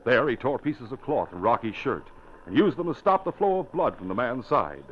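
A man's voice: medium pitch, very animated. Dramatic male radio-drama narrator. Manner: measured, dramatic storytelling. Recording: lo-fi old radio recording with faint hiss.

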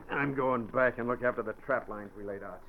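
An actor playing a ruthless male fur trapper who barks gruff orders, in 1940s radio acting style. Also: fairly high pitch, lively intonation, moderate pace, close to an everyday voice. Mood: harsh. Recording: lo-fi old radio recording with faint hiss.

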